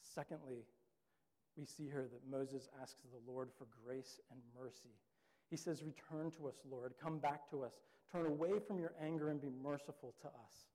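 A young man delivers a casual sermon, telling everyday stories in a loose, conversational way with lots of filler words. His voice sits a little high yet sounds mellow and relaxed. A long reverb from a large hall trails behind each phrase. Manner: casual, storytelling with many "like" fillers. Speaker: pastor.

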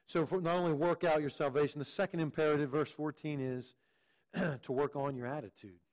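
A man's voice: on the high side, steady tone, fairly quick, darkish tone. A man preaching a sermon, teaching in an earnest way and often repeating words as he restarts. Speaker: pastor.

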